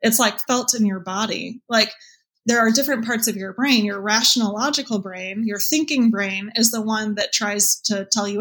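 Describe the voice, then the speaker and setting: A woman's voice: a little high, fairly even intonation, moderate pace, a bit bright. A woman speaking as an interview guest, answering in an earnest, reflective way and sometimes quoting her own past thoughts. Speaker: guest, birth mother and support group leader.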